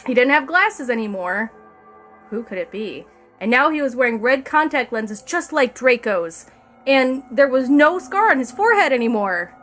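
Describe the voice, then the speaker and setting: A fairly high-voiced woman reads a fan story aloud on a live stream, dropping sarcastic and foul-mouthed remarks between passages. She talks into a desk mic, with soft music playing faintly underneath. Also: lively intonation, normal speed. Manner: sarcastic, profane asides between read passages.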